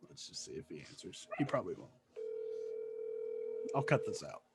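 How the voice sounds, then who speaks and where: A man's voice: fairly low pitch, big pitch swings, normal speed, very noisy. A man co-hosting a gaming podcast in casual, joking chat. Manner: joking, playful. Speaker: podcast co-host.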